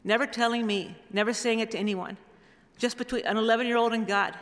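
Bright-voiced woman preaching in echoey hall. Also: on the high side, fairly even intonation, a little fast, few pauses. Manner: rambling, warm storytelling with restarts. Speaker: guest speaker. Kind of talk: storytelling sermon. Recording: reverberant hall.

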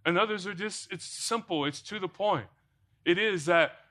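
Man preaching in a church, quizzing his listeners, ringing tone, pitched a bit high. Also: expressive, normal speed, pushed and bright. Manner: rhetorical questions to the congregation. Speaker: pastor. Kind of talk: sermon.

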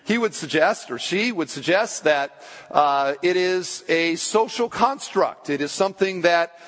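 A man preaching from the pulpit, his somewhat high voice pressing hard and then slowing deliberately on the words he wants to land. Long reverb trails off each phrase in the church hall. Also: animated, a bit bright. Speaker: pastor. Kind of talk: sermon.

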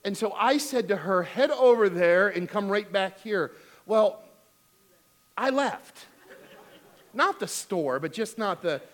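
A middle-aged man preaching a sermon as pastor, telling a funny family story and then urging giving with emphatic exhortation. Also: high-pitched.

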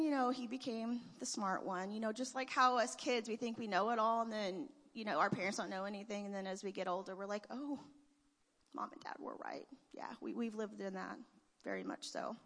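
In a reverberant church sanctuary, a woman with a high, bright voice speaks as a church member giving a tribute. Her heartfelt testimonial is emotional, broken by laughter between phrases, and the hall's long reverb surrounds it.

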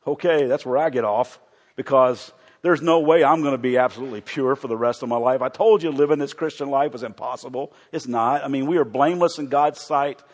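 A middle-aged man preaches to his congregation in a church sanctuary, his voice at an ordinary pitch. He rises to loud, excited emphasis and then drops to a soft, quiet storytelling tone. Long reverb from the hall trails every phrase. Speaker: pastor. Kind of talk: sermon.

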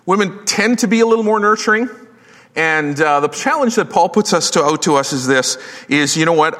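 Man, pastor, middle-aged, conversational sermon, joking, slightly high voice, long hall echo. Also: normal speed. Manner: lively, joking, conversational preaching.

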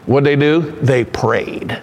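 A man's voice: medium pitch, takes it slowly, big-room sound, slight background noise. A man preaching a conversational sermon who acts out quotes and asks the congregation questions. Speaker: pastor.

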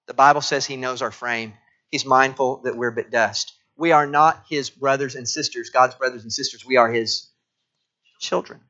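A middle-aged man preaching a sermon, dropping to quiet tones and rising again as he acts out voices from the text. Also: mid-range voice, fairly even intonation, normal speed. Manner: dramatic shifts from quiet to loud, acting out quoted voices. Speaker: pastor. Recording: dull lo-fi sound.

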